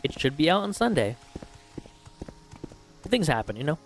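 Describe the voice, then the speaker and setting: A man's voice: fairly high pitch, very animated, moderate pace. A young man hosting a casual let's play, chatty and teasing, reading game dialogue aloud as he plays. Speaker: gaming host. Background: faint game music.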